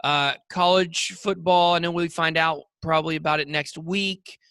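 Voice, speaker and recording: This podcast co-host has a high-leaning, clear, resonant voice with a sharp tone and fairly even intonation, moving at a moderate pace. The studio-quality recording has no room sound. In casual chat, he tells rambling, jokey stories packed with fillers.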